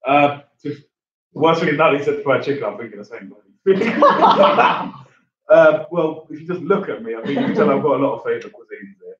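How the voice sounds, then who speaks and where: A man's voice: on the high side, sing-song, brisk, a bit bright. A young man from England with a London accent, co-hosting a casual football watchalong and joking and laughing often. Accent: London English. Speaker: fan channel co-host. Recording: roomy, distant, dull lo-fi sound.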